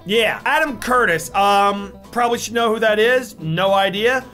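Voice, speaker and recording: A man's voice: sits high, moderate pace, bright, forceful tone, soft background music. A young man doing a ghost pepper chip challenge while playing a guessing game, coughing, eyes watering, yelping and pleading in a frantic, self-mocking way. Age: young adult. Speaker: YouTuber.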